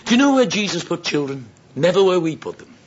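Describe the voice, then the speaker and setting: A man with a high, husky voice talks fast as he preaches a sermon, telling stories lively and acting out the voices of the people in them. The recording is dull and lo-fi with faint noise.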